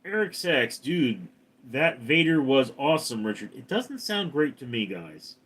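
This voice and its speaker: Guy doing a home livestream, reads chat names, talks slow with lots of ups and downs. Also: medium pitch, husky. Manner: reads commenter names then answers, animated.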